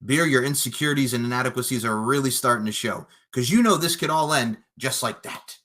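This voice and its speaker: A man cutting a fantasy wrestling promo as a podcast guest, cocky and taunting, swinging between low menace and loud boasts. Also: a little fast.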